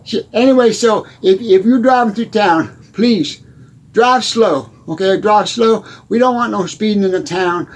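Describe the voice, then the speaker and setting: A man's voice: high-pitched, unhurried. A man playing a folksy small-town country character in a comedy monologue, rambling and stammering as he talks.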